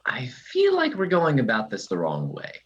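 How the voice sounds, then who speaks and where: A man talking casually as a tabletop game player, thoughtful and measured. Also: mid-range voice, wildly swooping pitch, breathy edge. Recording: muffled lo-fi mic.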